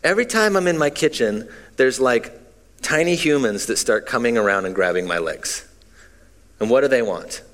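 A man in his thirties preaching a relaxed, conversational sermon with stories and frequent fillers. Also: medium pitch, normal speed. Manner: casual, self-deprecating, frequent fillers. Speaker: pastor. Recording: long hall reverb.

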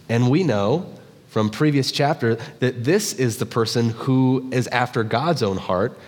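A male pastor giving a sermon, telling jokes and stories in an animated way. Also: medium pitch. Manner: animated storytelling, joking asides. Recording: long hall reverb.

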